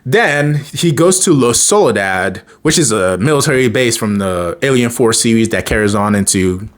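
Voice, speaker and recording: Man, cartoon reviewer, casual recap, rambling delivery, very animated pitch, mid-range voice. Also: moderate pace. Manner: rambling, full of fillers and restarts.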